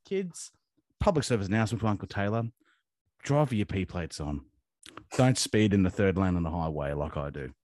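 An Australian man telling stories in casual chat, animated and swearing freely as a co-host. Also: deep voice, moderate pace, no echo, studio quality. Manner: heavy swearing, animated storytelling. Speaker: podcast co-host.

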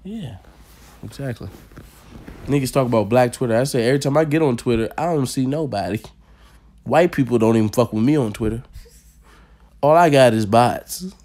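Podcast host, male, swearing and laughing through casual rants; mid pitch. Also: brisk, pauses often. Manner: loud, laughing, profane storytelling.

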